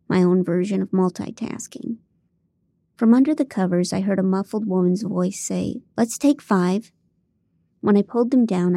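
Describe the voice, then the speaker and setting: A woman's voice: medium pitch, gravelly, warm tone, no room sound. A woman narrating a first-person audiobook in a dry, comic way on a close studio mic.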